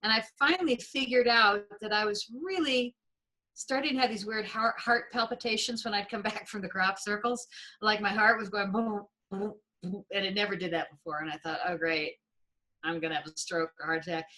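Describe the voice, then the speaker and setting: A woman being interviewed, telling her experiences in an expressive way and acting out her own reactions. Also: medium pitch, moderate pace, low-quality recording. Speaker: interview guest. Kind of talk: animated storytelling in an interview.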